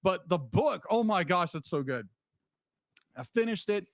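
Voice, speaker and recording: A man's voice: high voice, lively intonation, unhurried, no echo, clean studio sound. A man co-hosting a podcast in casual chat, rambling with frequent restarts and laughs. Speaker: podcast co-host.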